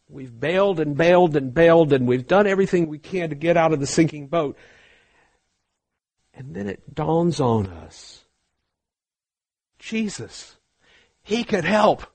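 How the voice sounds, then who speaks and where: A man preaching a sermon, swinging from hushed, slow passages to loud, fervent ones. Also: on the high side, no room sound.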